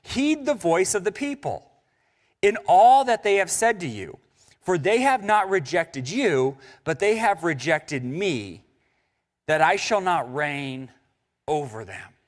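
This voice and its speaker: Animated, high-voiced young male pastor preaching. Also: slow. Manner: animated and conversational, with jokes and asides to the congregation. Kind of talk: sermon. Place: church sanctuary.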